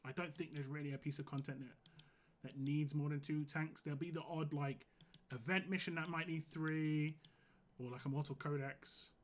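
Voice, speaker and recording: A hoarse man streaming a game live, giving casual, rambling commentary full of "like". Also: a little high, fairly even intonation, normal speed. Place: home gaming setup.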